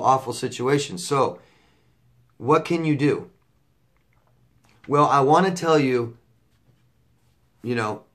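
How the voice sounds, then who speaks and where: A man's voice: medium pitch, fairly bright tone. A middle-aged man coaching viewers in a casual advice monologue, blunt and repetitive, swearing when riled up. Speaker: relationship coach answering viewer questions.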